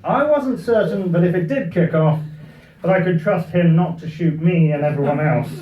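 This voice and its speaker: A British man delivers a satirical speech with dry irony, his voice sitting fairly high. He sounds distant from the mic in a reverberant party room. The recording is a little muffled. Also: moderate pace, a little hiss or hum. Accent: British English. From Britain. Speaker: after-dinner speaker. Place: party venue with live audience.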